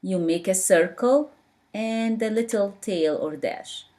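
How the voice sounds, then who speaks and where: Slow, patient woman teaching letters. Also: mid-range voice, dark tone. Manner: repeats sounds slowly and patiently, non-native English grammar. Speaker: Arabic teacher. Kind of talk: slow spoken language lesson.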